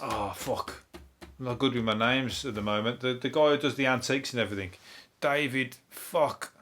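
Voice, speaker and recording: A man's voice: medium pitch, normal speed, fairly bright tone. A man hosting a comedy podcast, rambling through the day's news with plenty of swearing and laughing at his own jokes. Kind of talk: casual comedic news chat.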